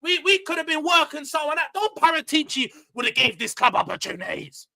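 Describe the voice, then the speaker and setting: A high, bright-toned man hosts a casual football live stream. He is loud and emotional, going off on a rant before bringing the tone back down. His delivery stays animated and conversational. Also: a little fast, gravelly, low-quality recording. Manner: loud, emotional and animated, ranting then calming down. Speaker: livestream host.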